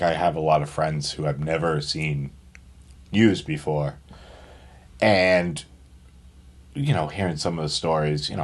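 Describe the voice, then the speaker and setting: A man co-hosting a recovery podcast, talking in reflective casual chat about addiction, low-key with quiet asides.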